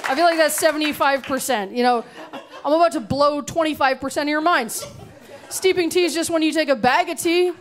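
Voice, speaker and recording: A woman's voice: high voice, normal speed, a faint crowd, slight background noise. A young woman doing a bawdy, sarcastic stand-up set into a handheld mic on a comedy club stage. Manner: sarcastic, bawdy, animated storytelling.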